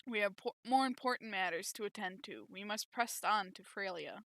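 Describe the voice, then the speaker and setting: A woman's voice: mid-range voice, animated, moderate pace, a bit bright, no room sound. A woman reading aloud as an earnest, formal male knight protecting a princess. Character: loyal devoted male knight guarding a princess.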